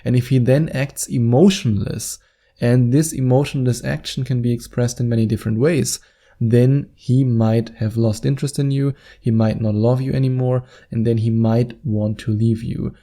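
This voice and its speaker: A man's voice: mid-range voice, dark tone. A man giving relationship advice as a coach, talking earnestly and rephrasing his points as he goes. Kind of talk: advice video monologue.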